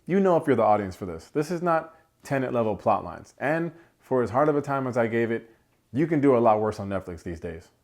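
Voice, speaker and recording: Animated New man ranting a review. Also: medium pitch, fairly quick. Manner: animated, ranting, slangy and joking. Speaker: movie reviewer, channel host. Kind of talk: casual spoken film review.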